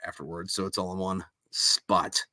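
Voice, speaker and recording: A man with a bright, forceful voice chats loosely as a live-stream host about the books he wrote. He rambles and is quick to put himself down, with plenty of fillers. The sound is close and dry, with no room around it. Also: low voice, level tone, no room sound. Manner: rambling and self-deprecating, full of fillers. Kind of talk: casual chat on a live stream.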